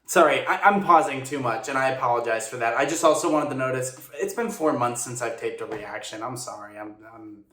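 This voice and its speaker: A man's voice: medium pitch, brisk, hardly any pauses, fairly bright tone, distant mic, soft background music. A man reacting to a song performance, analyzing the vocal technique with enthusiasm and some apologetic asides, recorded on a phone. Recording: echoey room, a little off the mic.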